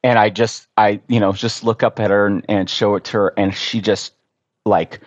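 A man telling an earnest, animated story as a podcast guest in casual conversation. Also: lowish voice, moderate pace, dry recording, muffled recording.

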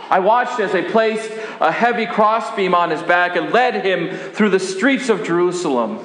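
A male pastor delivers a first-person dramatic sermon monologue in a church sanctuary, voicing Mary, a grieving woman disciple who is devoted and fearful. His voice is high, and he tells the story in a halting, emotional, tearful way. The recording carries the long reverb of an echoey church hall.

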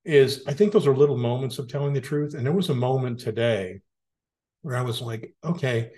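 A man's voice: medium pitch, brisk, warm tone. A middle-aged man co-hosting a podcast, talking in a reflective, earnest way. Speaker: podcast co-host. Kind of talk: casual conversation.

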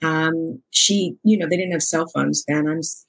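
An unhurried, low voice, both creaky and husky, belongs to a woman in her sixties. She's an interview guest relating a personal story, animated and chatty, dramatizing the dialogue and often laughing.

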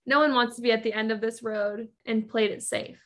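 A woman's voice: on the high side, fairly even intonation, fairly quick, fairly bright tone. A woman hosting a podcast, coaching listeners in an emphatic motivational monologue full of repetition and rhetorical questions. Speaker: podcast host and business coach.

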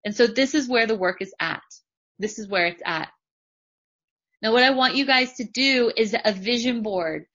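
Woman in her thirties, podcast host, higher voice, emphatic repeats, dull lo-fi recording. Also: expressive, moderate pace, a bit bright. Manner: emphatic, repeats phrases for effect. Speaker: podcast host and business coach. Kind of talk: motivational spiritual talk.

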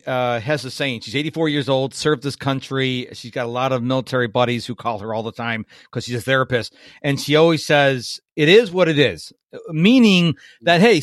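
A man's voice: medium pitch, no room sound, clean studio sound. A man hosting a podcast, talking in an upbeat, enthusiastic way and laughing easily. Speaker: podcast host. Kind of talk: casual podcast interview.

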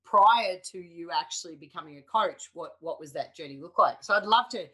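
A middle-aged woman hosting a coaching podcast, telling stories in a lively, animated way with quick asides. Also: fairly low pitch. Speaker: podcast host, tennis coach. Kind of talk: casual interview chat.

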